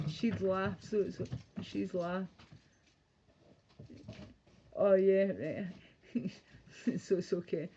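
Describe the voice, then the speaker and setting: Slow-talking girl rambling on a livestream, swears a lot, muffled lo-fi audio. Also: medium pitch, mellow, a little hiss or hum. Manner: rambling, crude, slow, laughing. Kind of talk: casual live-stream chat. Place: home bedroom. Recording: dull lo-fi stream audio.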